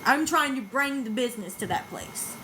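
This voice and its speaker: A woman's voice: fairly high pitch, expressive, normal speed, noisy background. A woman, talking back bluntly to videos about herself, defensive and swearing freely. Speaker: vlogger reacting to videos. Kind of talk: casual reaction commentary.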